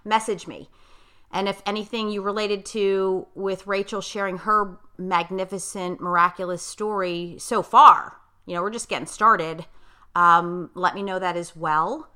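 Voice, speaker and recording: A woman's voice: mid-range voice, steady tone, measured pace, pushed and bright, smooth. A middle-aged woman life coach hosting a podcast interview, talking bluntly and effusively.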